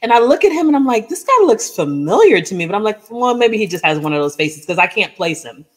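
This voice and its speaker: A woman co-hosting a podcast, telling a lively personal story in casual chat and acting out the dialogue as she goes. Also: medium pitch, quick pace. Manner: animated storyteller, acts out dialogue, frequent "like" and "oh my gosh". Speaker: podcast co-host.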